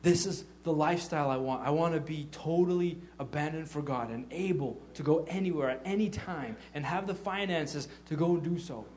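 A man giving an informal testimony sermon as a church leader, telling animated stories and acting out what people said, with frequent stammered restarts. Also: a little high, brisk, few pauses, a little hiss or hum. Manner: animated storytelling, acting out quotes.

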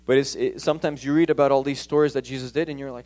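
A man's voice: mid-range voice, steady tone, fast talker, hardly any pauses, a little mellow. A man preaching a conversational sermon, emphatic and repeating key points.

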